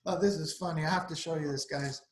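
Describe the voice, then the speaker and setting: A man's voice: on the high side, moderate pace. A man, a teacher, reads a storybook aloud to children at home, breaking off for simple, chatty explanations of words. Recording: roomy echo.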